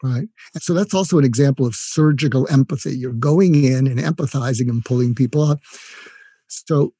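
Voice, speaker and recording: A man's voice: mid-range voice, normal speed, warm tone, slightly rough, dry recording, studio quality. An older retired man giving communication tips in an interview, explaining with examples and acted-out phrases. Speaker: guest, communication expert. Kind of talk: instructive interview talk.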